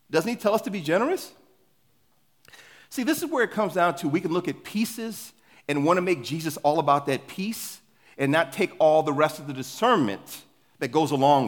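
A man preaching a sermon in a conversational, animated way, asking the congregation rhetorical questions. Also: fairly high pitch, normal speed. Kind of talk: sermon with scripture reading.

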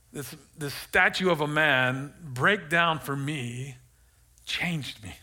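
A man's voice: on the high side, pushed and bright. A middle-aged male pastor preaching a sermon and telling a personal testimony, earnest and emotional, often repeating and restarting his words.

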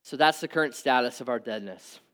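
A middle-aged man preaching a conversational sermon, swinging from emphatic peaks to quiet asides. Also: mid-range voice, brisk. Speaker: pastor. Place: church hall with audience.

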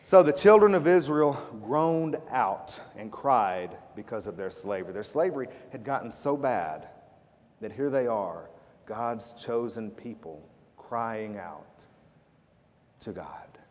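A man's voice: lowish voice, animated, takes it slowly. Man preaching a sermon in a reverberant church. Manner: preaching with swings from loud emphasis to hushed prayer. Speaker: pastor. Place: church sanctuary. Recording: long church hall reverb.

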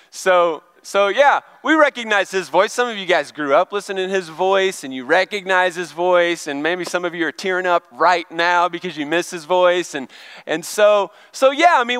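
A man's voice: high voice, fairly bright tone, smooth, dry recording. A middle-aged male pastor giving a chatty, conversational sermon and asking the congregation questions. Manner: chatty, asks the crowd questions.

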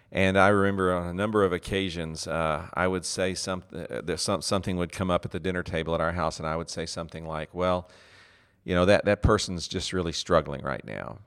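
A middle-aged male pastor with a deep, low voice speaks in an earnest, heartfelt manner. He gives a reflective teaching talk and pauses often on small fillers as he gathers his thoughts. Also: a bit bright, clear, resonant tone. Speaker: pastor and ministry leader.

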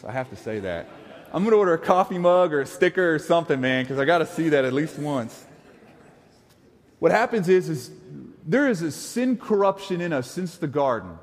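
Man, pastor, sermon, very expressive pitch, playful asides, long hall reverb. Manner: animated, playful asides and mimicked voices.

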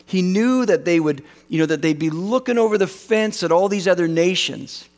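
A man preaches with an animated, self-deprecating delivery, acting out the voices of those he quotes. His voice sits a little high for a man. It rings with the long reverb of a large hall. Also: moderate pace. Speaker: pastor. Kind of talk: sermon.

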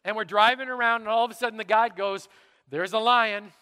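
A middle-aged man preaching a sermon in church, telling stories dramatically and dropping to a hush for emphasis. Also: high-pitched, quick pace, clean tone, big-room sound. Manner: dramatic, animated storytelling with sudden drops to quiet. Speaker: pastor.

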